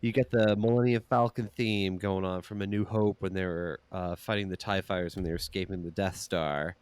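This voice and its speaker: Male podcast guest, low voice, casual and hesitant, lots of fillers. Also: steady tone, a little fast, darkish tone, smooth, no room sound.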